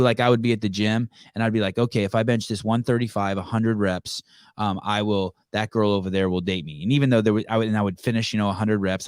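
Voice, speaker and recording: Podcast host, man, lowish voice, dry close sound; casual, excitable, swears a lot, ums between thoughts. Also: no room sound. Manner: excitable, swears freely, trails off into fillers. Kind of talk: casual interview chat.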